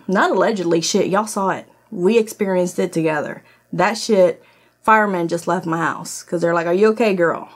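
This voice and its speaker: Her voice sits on the low side. This product review vlogger, who didn't grow up speaking English, tests a kitchen gadget indoors in her home office, talking straight to her audience with plenty of laughter, bluntness, and cursing.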